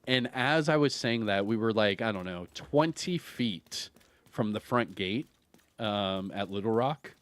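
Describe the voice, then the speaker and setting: A man in his thirties streaming a video game, telling a long story in a rambling, animated way with lots of fillers and laughter. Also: lowish voice, a little slow, no echo. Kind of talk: casual storytelling while streaming.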